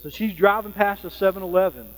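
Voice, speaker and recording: Man, preacher, casual sermon, fillers and "Amen?", raised pitch, long hall reverb. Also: quick pace, fairly bright tone. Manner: conversational, frequent fillers and "Amen?" checks.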